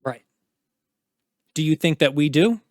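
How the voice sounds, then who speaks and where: A man's voice: a little high, animated, unhurried, a little mellow, no echo, clean studio sound. A man voicing a stern, intimidating knight commander who talks down to a subordinate in a cold, threatening way. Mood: stern, menacing.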